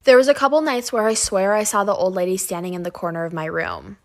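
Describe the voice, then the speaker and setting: A woman's voice: medium pitch, expressive, fast. A woman earnestly retelling a personal story. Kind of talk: casual storytime.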